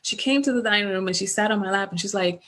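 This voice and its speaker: A woman's voice: mid-range voice, fast. Middle-aged woman coaching on a webcam call. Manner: animated storyteller, acts out remembered dialogue. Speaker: business coach presenting at a virtual summit. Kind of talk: conversational webinar presentation.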